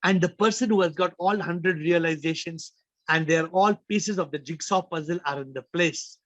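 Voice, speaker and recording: A man's voice: on the high side, normal speed, no echo, muffled recording. A man hosting a spiritual Q&A over a video call, emphatic and fond of rhetorical questions.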